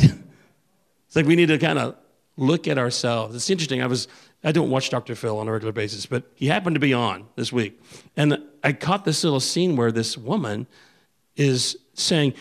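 A man's voice: medium pitch, moderate pace. A middle-aged man preaching a sermon in a conversational way, acting out the voices of people he quotes. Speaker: pastor.

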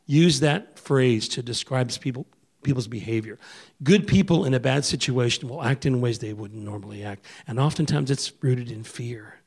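Gravelly-voiced man preaching conversationally. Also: medium pitch. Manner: conversational, acts out quoted voices. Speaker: pastor. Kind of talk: sermon.

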